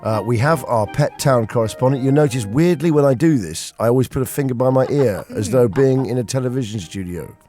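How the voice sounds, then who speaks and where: A man's voice: mid-range voice, fairly quick, hardly any pauses, faint music behind. A man hosting a jokey radio show from a studio, telling stories with lots of energy. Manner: animated, joking storyteller. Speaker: radio host. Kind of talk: jokey breakfast radio chat. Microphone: studio microphone.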